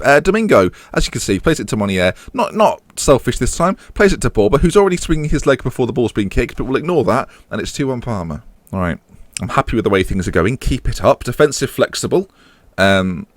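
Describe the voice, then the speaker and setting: A gaming channel host with a lowish voice, recorded with no echo, commentates on his own football management game. He mixes match calls with rambling jokes and asides.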